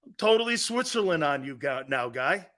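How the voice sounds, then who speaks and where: Male sports show host, combative rant, high bright voice that swings all over the place. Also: very animated, moderate pace. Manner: blunt, combative, mocking imitations of others. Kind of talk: opinionated sports radio rant.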